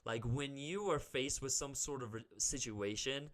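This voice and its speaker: A young man co-hosting a podcast, telling a story in a casual, animated way, full of "like" and loud acted-out quotes. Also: medium pitch, moderate pace. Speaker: podcast co-host.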